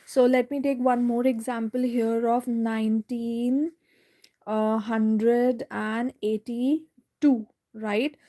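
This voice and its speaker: Slow, patient woman teaching French. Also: a little high, steady tone, mellow. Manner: slow, explains step by step, repeats words; checks in with "right?" often. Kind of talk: live online language lesson.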